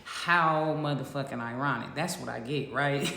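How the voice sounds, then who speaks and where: A woman's voice: very deep voice, moderate pace, sharp tone, a little hiss or hum. A woman telling a profane jail story casually to her audience, laughing often. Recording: echoey roomy sound with long reverb.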